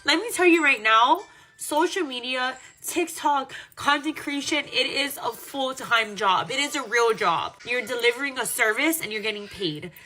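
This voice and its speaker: A woman creator speaks straight into her phone camera, blunt and emphatic, and she swears freely at her critics. Her voice is bright and sits high. She talks with heavy emphasis on every point. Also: animated, moderate pace. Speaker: content creator. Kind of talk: direct-to-camera rant.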